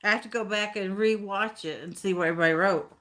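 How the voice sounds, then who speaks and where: Reading viewer comments on her relaxed live stream, this Tennessee host speaks with an Appalachian accent, folksy phrasing and frequent laughter. Her pitch is medium, her pace quick, and her tone a bit bright.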